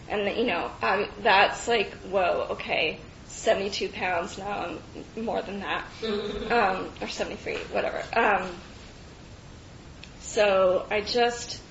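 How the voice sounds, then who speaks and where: Slow, halting woman sharing at a meeting. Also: creaky, a bit bright. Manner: halting, with frequent fillers and restarts; laughs often between phrases. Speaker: recovery meeting speaker. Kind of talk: personal share at a recovery meeting. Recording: echoey, dull meeting-room recording with faint rumble.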